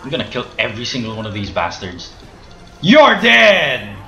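Teasing young man with a bright voice. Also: lowish voice, very fast, soft background music. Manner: laughing, teasing. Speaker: gamer. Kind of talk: casual gaming banter. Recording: roomy home recording.

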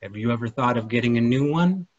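A man voicing a gentle, wry mother in a dreamlike vision, speaking softly. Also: medium pitch, expressive, quick pace, no echo, dull audio, pitched below the performer's own voice, close to an everyday voice.

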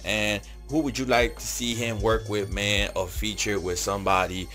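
A man with a low, grounded voice hosts a video channel in a hyped, casual commentary style. He tags nearly every phrase with "man". Faint music plays under him. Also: little pitch movement, normal speed, pushed and bright. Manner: hyped, keeps tagging lines with "man". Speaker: channel host.

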